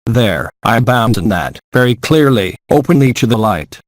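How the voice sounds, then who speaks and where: A man reading an English voice-over translation of a spiritual gathering in a measured, steady way, close to the mic. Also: mid-range voice, no echo.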